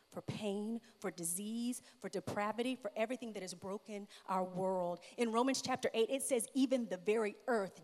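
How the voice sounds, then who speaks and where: A middle-aged woman giving an earnest, emphatic sermon-style testimony, repeating her key phrases. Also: mid-range voice. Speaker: speaker at a church. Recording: long hall reverb.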